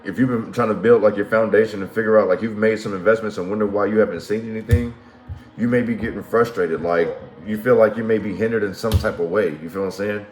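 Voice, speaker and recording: A man's voice: lowish voice, steady tone, fast. A man giving a casual tarot reading, slangy and profane, who keeps checking that the listener follows him. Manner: slangy and profane, keeps asking "you feel what I'm saying". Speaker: tarot reader. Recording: roomy echo, faint music behind.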